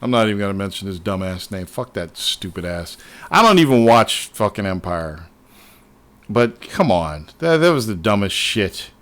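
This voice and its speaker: A man hosting a casual livestream, talking excitedly and swearing often as he rambles to his viewers. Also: lowish voice, normal speed. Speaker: livestream host.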